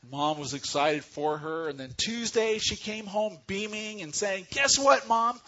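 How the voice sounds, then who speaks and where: A man preaching a sermon as pastor into a microphone, earnest and unhurried, pausing often between phrases. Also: a little high, a bit bright, dull audio. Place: church sanctuary. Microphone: microphone on a stand or handheld.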